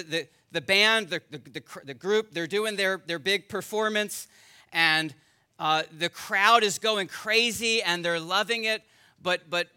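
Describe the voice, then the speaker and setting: A man's voice: high-pitched, bright, forceful tone, smooth. A man preaching a sermon as pastor, earnest and rising to emphatic peaks, at times addressing the children directly.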